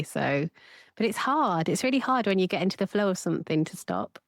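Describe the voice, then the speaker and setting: A woman, a therapist co-hosting a casual podcast chat and lively acting out her own inner voice. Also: lowish voice, a little fast, no room sound, studio quality.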